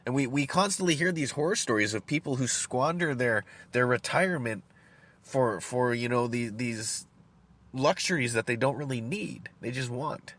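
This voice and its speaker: A man in the middle of a long solo rant on his podcast, cursing freely and circling back over his own words. He doubles up words as he searches for the next thought. His voice sits at an ordinary middle pitch while he smokes and sips coffee. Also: expressive, moderate pace, a bit bright. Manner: rambling, profane, repeats words while thinking; smoking and drinking coffee while talking. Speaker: podcast host.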